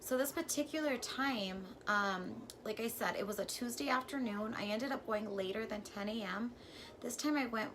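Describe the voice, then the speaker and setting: A woman vlogger telling a personal story in a casual, chatty way, full of "like" and with sudden jumps from quiet to loud. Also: mid-range voice, slight background noise. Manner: chatty and filler-heavy, says "like" constantly; animated, with sudden swings from hushed to loud.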